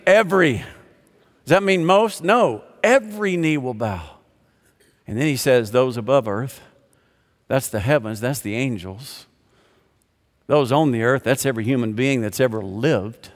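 A man's voice: medium pitch, a little slow, pauses often. An older man preaching a sermon as pastor, impassioned and emphatic, posing rhetorical questions and answering them. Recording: long reverb of a large hall.

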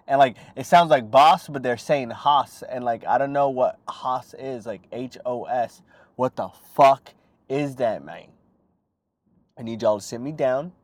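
A young man hosts his own show in a loose, profane monologue, jumping between topics. His voice sits at an ordinary pitch and sounds dry and close, with no room around it. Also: no room sound. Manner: profane, rambling, animated impressions. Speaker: podcast host. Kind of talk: crude comedic monologue.

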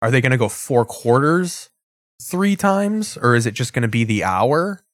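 A man's voice: medium pitch, big pitch swings, moderate pace, dry recording. A man hosting a show, chatting casually and sarcastically with frequent swearing while reacting to a live game. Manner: loose, sarcastic, swears often. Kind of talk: casual profane commentary.

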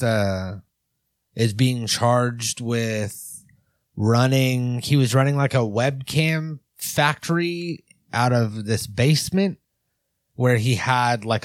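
A man's voice: medium pitch, dry recording, studio quality. A man co-hosting a podcast, rambling in a laid-back way with swearing. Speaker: podcast co-host. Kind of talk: casual chat.

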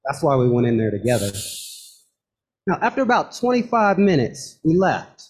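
A man recounts his own true story, his voice sitting a bit high and swinging widely up and down. He builds tension with pauses and drops in wry asides. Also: very animated, husky. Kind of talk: first-person true story narration.

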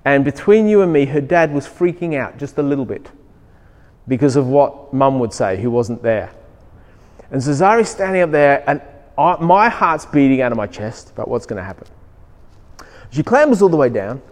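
A man's voice: a little high, sing-song, normal speed, darkish tone. A man preaching a sermon as pastor, telling stories with emphatic rising lines. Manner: storytelling, acts out child's voice, emphatic rises. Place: church hall. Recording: long reverb of a hall.

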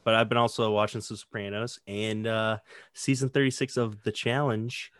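A man's voice: on the low side, level tone, moderate pace, fairly bright tone, smooth, dry recording, studio quality. A man in his twenties, a podcast co-host, telling stories in casual chat with lots of "like" fillers. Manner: rambling storyteller, frequent "like" fillers.

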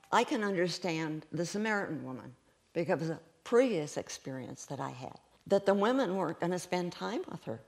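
A woman preaching a sermon, telling stories in an animated way and laughing often as she goes. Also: on the low side. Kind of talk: sermon storytelling.

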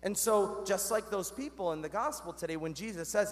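In a church with long, echoing reverb, a Catholic priest delivers a sermon in a high-pitched, brisk voice. He's earnest and conversational, asking the congregation questions and calling them "guys."

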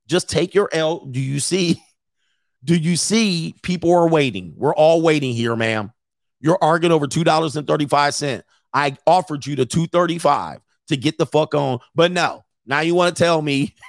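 A male coach and host rambles through casual commentary, cracking crude jokes and breaking into laughs. His fairly high voice carries a gravelly rasp, and the sound is dry and close. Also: dry recording. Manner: crude, joking, laughs often, acts out other people.

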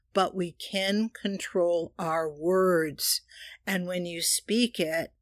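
A woman's voice: fairly low pitch, a bit bright, dry recording, clean studio sound. A woman giving a metaphysical spiritual teaching, earnest and leading listeners in repeated affirmations.

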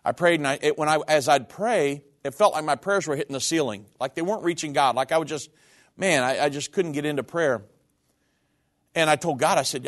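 A man's voice: a little high, brisk. A middle-aged man in ministry giving an earnest, emotional sermon testimony about his own life. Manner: earnest, personal, emotional storytelling.

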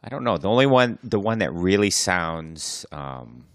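A man's voice: low-pitched, sing-song, moderate pace, no echo, studio quality. A man with an American Midwestern accent co-hosting a casual podcast, tossing in wry quips and short interjections. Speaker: podcast co-host. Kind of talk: casual chat.

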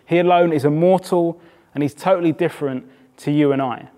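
A man from England preaching a sermon in a church, conversational and emphatic, with pauses for effect. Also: on the high side, warm tone. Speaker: pastor.

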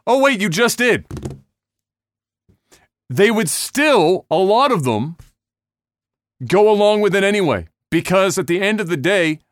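A man's voice: high-pitched, big pitch swings, measured pace, pauses often, no room sound. A man hosting a casual podcast, ranting bluntly and heatedly with lots of swearing. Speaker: podcast host.

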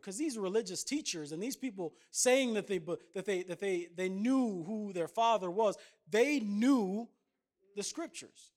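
A man's voice: sits high, lively intonation, unhurried, a little mellow. A man in his thirties preaching a sermon, chatting with the congregation in asides and then building to emphatic points. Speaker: pastor.

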